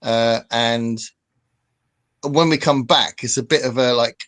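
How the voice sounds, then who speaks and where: Casting: male host, bright forward voice, rambling easygoing chatter on a video call. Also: mid-range voice, slow. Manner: chatty, rambling, reads out chat comments. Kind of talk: casual livestream chat.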